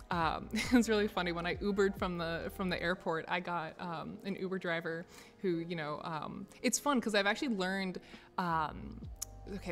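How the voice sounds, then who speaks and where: A woman's voice: fairly low pitch, fairly bright tone. A young woman chatting casually with viewers on a stream, rambling with lots of fillers and frequent laughter. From United States. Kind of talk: casual chat. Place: office.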